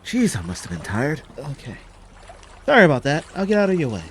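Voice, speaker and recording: A man's voice: on the low side, big pitch swings, fast talker, darkish tone, a little hiss or hum. A man voicing a friendly, apologetic young woman adventurer in a tabletop role-play, talking in a cheerful and polite way. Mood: sheepish, apologetic.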